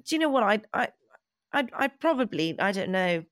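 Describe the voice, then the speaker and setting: A woman's voice: medium pitch, big pitch swings, normal speed, clean tone, dry recording, clean studio sound, lightly acted. An actress playing a pompous, self-righteous female radio host, speaking in a comedy podcast. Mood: smug. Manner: pompous and indignant.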